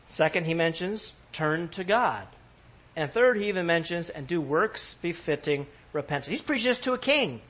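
A man from California preaches to his church in a relaxed, conversational way, breaking off to ask the congregation questions and chuckle along. His voice sits a little high and moves freely up and down as he talks. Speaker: pastor. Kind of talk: sermon. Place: church in New York.

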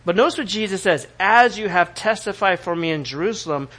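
A man preaching a sermon as pastor, in an animated way, asking the congregation questions and acting out the voices of the people he quotes. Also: sits high, brisk, hardly any pauses.

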